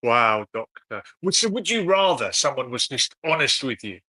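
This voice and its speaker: This is a man co-hosting a casual live stream. His voice is bright and forward. He talks easily, reads viewer comments aloud and turns them into questions for his guest. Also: medium pitch, sing-song, normal speed, husky. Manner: chatty, reads out viewer comments, asks follow-ups. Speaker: co-host of a live discussion stream.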